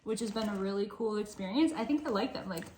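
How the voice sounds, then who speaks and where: A woman's voice: medium pitch, fast talker, dark tone. Woman chatting about her stitching projects, easygoing, echoey room with a little background hiss. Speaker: flosstube co-host. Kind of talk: casual stitching chat. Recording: roomy echo, faint background noise.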